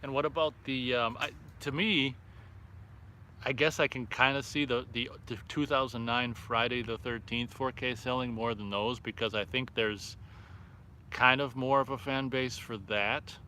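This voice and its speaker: A man's voice: mid-range voice, fairly even intonation, moderate pace, sharp tone, a little hiss or hum. A man hosting a casual live stream outdoors by a fire at night, reading viewer comments aloud and reacting offhandedly. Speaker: livestream host reading chat.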